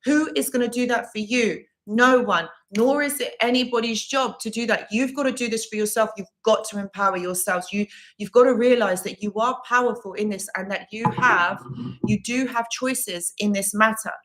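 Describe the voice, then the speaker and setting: A woman's voice: fairly high pitch, normal speed, a bit bright. A woman recovery coach hosting a live Q&A stream, reading viewer comments aloud and answering with earnest, reassuring advice that she often repeats.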